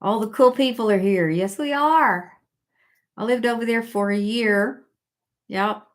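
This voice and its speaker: Her voice fairly high-pitched, an older woman hosts a casual live stream, chatting with viewers and haltingly reading out their comments amid frequent fillers and restarts.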